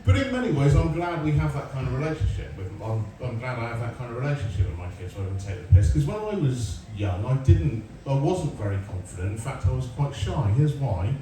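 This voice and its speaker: A man's voice: mid-range voice, very animated, a little fast, hardly any pauses, far from the mic, background noise. A man in his forties from England doing a stand-up comedy set, sarcastic and sweary, telling stories and chatting with the crowd. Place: comedy club stage. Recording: roomy live venue, mic heard from afar, crowd. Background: audience laughter.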